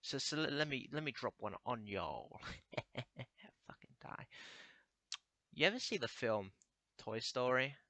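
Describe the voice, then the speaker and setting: A man's voice: medium pitch, lively intonation, a little slow, pauses often, pushed and bright, no echo. A young man rambling through a crude comedic monologue, stammering and restarting often.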